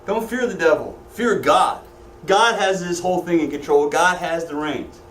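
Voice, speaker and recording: A Sunday school teacher, his voice on the high side and fairly bright, jokes with his Bible class and asks them questions at a normal pace. Recorded in an echoey church classroom from a distance, the audio has a little hiss or hum.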